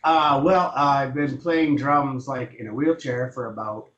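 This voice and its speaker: A man's voice: medium pitch, steady tone, measured pace, fairly bright tone. A man in his fifties, a guest drummer telling his story casually, with many fillers. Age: 50s. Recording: roomy, dull sound, faint noise.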